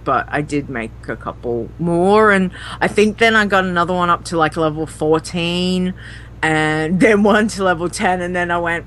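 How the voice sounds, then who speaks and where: A woman's voice: on the low side, normal speed, fairly bright tone, slight background noise. A woman guest on a gaming podcast, telling stories in a giggly, rambling way over a remote call. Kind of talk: casual chat about gaming.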